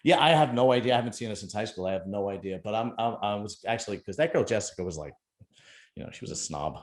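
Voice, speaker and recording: A man's voice: lowish voice, lively intonation, quick pace. A middle-aged man, hosting a casual chat and telling a rambling, joking story. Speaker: podcast host.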